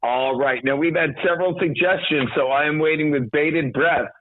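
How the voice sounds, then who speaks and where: A man's voice: fairly high pitch, normal speed. A man in his sixties, a comedian calling in, chatting wryly with lots of laughter over a phone. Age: 60s. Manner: wry, wordy, laughs a lot. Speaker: comedian guest. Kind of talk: casual chat. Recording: tinny phone line.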